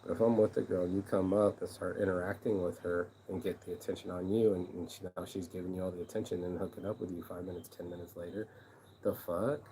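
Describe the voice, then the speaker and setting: A man with a low, mellow voice vents in a loose, aggrieved monologue for his vlog. He swears often, repeats himself and restarts his sentences. The tone stays dark and unpolished throughout. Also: level tone, quick pace, slight background noise, poor audio. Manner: profane, rambling, aggrieved. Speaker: vlogger and shirt designer. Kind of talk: casual venting monologue.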